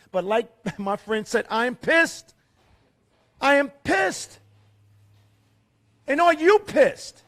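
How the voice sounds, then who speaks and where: A middle-aged man with a notably high speaking voice delivers a fiery, preachy rally speech at a fairgrounds event. He fires off rhetorical questions and drops from loud to hushed for emphasis.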